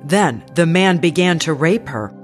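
A woman reads scripted documentary narration in a measured, grave way. Her voice sits a little low, with clear music playing underneath. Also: expressive.

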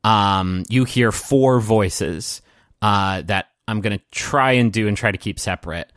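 A man narrating as game master of a tabletop game, halting and full of fillers. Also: on the low side, a bit bright, clear, resonant tone, no room sound, clean studio sound.

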